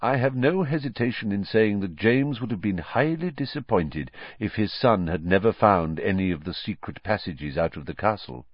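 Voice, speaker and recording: Man reading a gentle weary wizard teacher, lively delivery. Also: fairly low pitch, moderate pace, few pauses, dry recording. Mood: fond. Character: kind, tired male teacher wizard leaving. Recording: slightly dull lo-fi audio.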